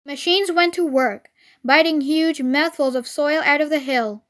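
A woman's voice: high-pitched, a little slow, a bit bright. A woman reading a children's storybook aloud expressively, as a storyteller.

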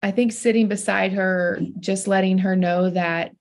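A woman's voice: medium pitch, steady tone, unhurried. A young adult woman, a pastor and podcast guest, telling a personal story in an earnest, heartfelt way. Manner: heartfelt, earnest, laughs through tears.

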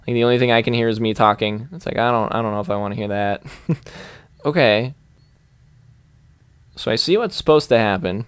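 A young man commentating his game in a loose, rambling way, giggling and thinking out loud. His voice is smooth and resonant, close on the mic. The sound is dry, with no room around it. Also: mid-range voice, brisk, long pauses, no room sound. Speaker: gaming YouTuber. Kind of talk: let's play commentary.

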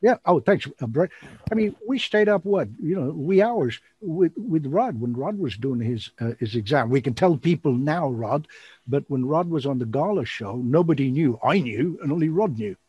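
A man hosting an online show, chatting casually in a rambling, animated way and laughing often. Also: on the high side, normal speed, breathy edge, dry recording, dull audio. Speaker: show host and magician.

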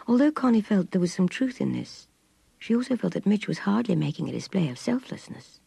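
A woman reading a novel aloud, expressive and soft, voicing a troubled young lady. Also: mid-range voice, brisk, vocal fry, husky, no room sound. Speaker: narrator. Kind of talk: audiobook reading.

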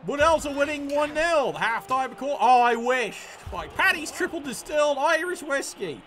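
A man commentating a tabletop-style video game match casually, excitable and profane, stammering when worked up. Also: extremely high pitch, normal speed, a little hiss or hum.

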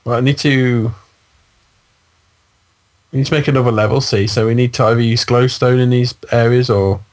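A man chatting and teasing a friend while they play a video game together, quick to laugh. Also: mid-range voice, steady tone. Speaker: co-player, guest. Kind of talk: casual gameplay chat.

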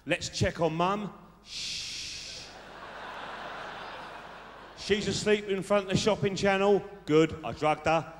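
A man's voice: high-pitched, moderate pace, few pauses, lightly acted. A man playing a boastful South London lad who gives dating tips in a live stand-up character act, full of tag questions. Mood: cocky. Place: large theatre stage with audience. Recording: live hall reverb, faint noise.

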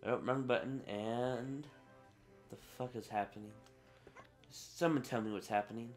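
A man's voice: mid-range voice, fairly even intonation, unhurried. A teenage boy giving casual let's play commentary, talking to his viewers, getting frustrated and swearing. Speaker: gaming channel host. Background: game music.

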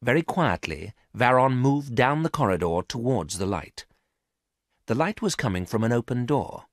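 A man narrating a graded story for English learners, reading clearly and carefully. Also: medium pitch, sing-song, moderate pace, no room sound, studio quality.

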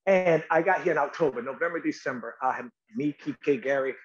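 Speaking a little fast in a fairly high voice, this middle-aged North Carolina man is an actor guest in a storytelling interview. He's animated, repeats his words, and performs the quotes, all on dull-sounding audio.

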